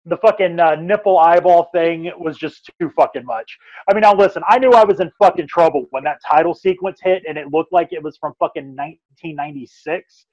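A man ranting and cursing his way through a casual podcast chat. His voice sits a little high. The sound is dry and a bit muffled. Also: a little fast, hardly any pauses, dry recording. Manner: emphatic, ranting, heavy swearing. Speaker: podcast co-host.

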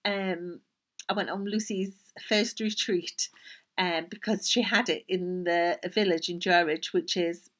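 An older woman with a Geordie accent, hosting a knitting podcast in a chatty, rambling way, often dropping into soft asides. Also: fairly low pitch, fairly even intonation, measured pace. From North East England. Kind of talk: casual chat.

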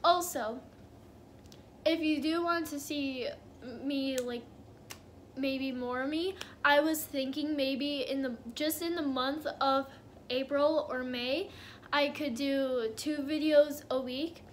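A woman's voice: high voice, fairly even intonation, takes it slowly, slight background noise. A young woman telling a casual storytime on her vlog, chatty and giggly with lots of fillers. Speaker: vlogger.

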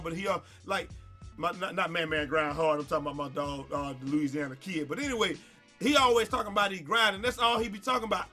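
A man's voice: sits high, bright, forceful tone. A man who makes gaming videos, ranting in an exasperated way over gameplay, with stammered repeats and swearing. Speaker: gaming YouTuber.

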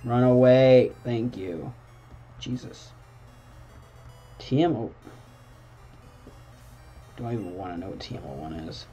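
An excitable young man gives casual let's-play commentary, his pitch leaping up and down as he reacts. His voice is mellow and relaxed even when he scolds the game, with faint game music underneath. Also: normal speed, long pauses, muffled recording. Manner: excitable, talks back at the game, bursts into exclamations. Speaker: gaming channel host. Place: home room at night.

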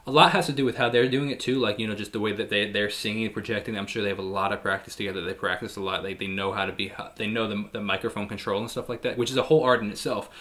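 Fast-talking man reacting to music. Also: on the low side, steady tone, fairly bright tone. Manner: chatty and upbeat, frequent fillers and restarts. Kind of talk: casual reaction commentary. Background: faint song playing underneath.

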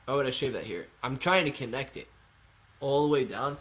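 A young man hosting a casual live stream, reading viewer chat aloud and joking around in a loose, animated way. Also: medium pitch, normal speed, slight background noise. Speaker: livestream host.

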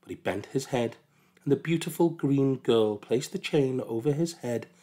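Male storyteller, calm measured storybook read-aloud. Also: medium pitch.

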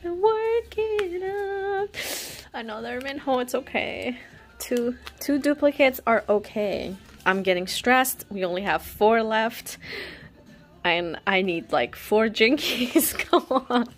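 A woman's voice: fairly high pitch, slow pace, fairly bright tone. A young woman vlogging an unboxing, dramatically exasperated, pleading and laughing as she talks. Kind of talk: casual unboxing commentary.

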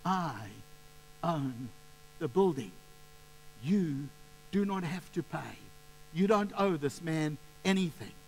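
A man playing a kindly building owner who speaks with slow, firm reassurance. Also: high-pitched, lively intonation, a little hiss or hum, low-quality recording.

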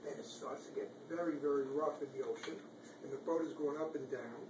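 Reading a picture book to small children in a preschool classroom, this man quizzes them and encourages their answers. His voice is fairly high and slightly dark in tone, moving a little fast. The recording sounds roomy and distant, with noisy classroom background.

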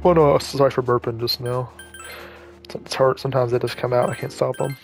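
A man giving casual let's-play commentary, rambling and chatty with frequent self-corrections and quick asides. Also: medium pitch, fairly even intonation, gravelly, music in the background. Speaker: gaming YouTuber.

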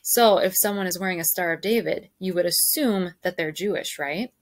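A woman's voice: fairly low pitch, normal speed, no echo. Woman teacher reading aloud, dry sound. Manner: clear, questioning, explaining. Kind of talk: reading a novel aloud to students.

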